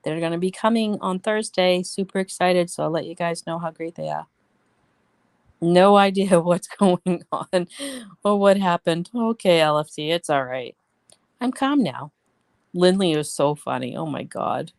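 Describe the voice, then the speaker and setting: A woman's voice: on the low side, a little slow, dry recording. A woman hosting a casual live stream, talking straight to her viewers and telling stories bluntly with plenty of swearing. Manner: blunt, swears freely, venting; chatty storyteller, talks to viewers. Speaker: livestream host.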